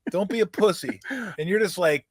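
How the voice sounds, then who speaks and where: A middle-aged man hosting a casual backyard chat, relaxed and reflective, who laughs easily. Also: sits high, moderate pace, slightly rough, dry recording. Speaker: host. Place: backyard outdoors.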